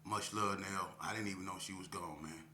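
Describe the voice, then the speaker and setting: A man in his fifties talking casually to the camera. He is reflective and unhurried, peppers his talk with "man," and speaks to viewers as y'all. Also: low-pitched, steady tone, sharp tone, reverberant, a little hiss or hum. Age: 50s. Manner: reflective, drawn-out, often ends phrases with "man" and addresses viewers as y'all. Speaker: vlogger.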